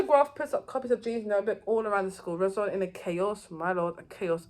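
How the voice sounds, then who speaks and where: A woman's voice: mid-range voice, fast, hardly any pauses, darkish tone. A woman giving a casual, rambling recap of a TV season, with loose phrasing and frequent restarts. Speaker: TV show reviewer.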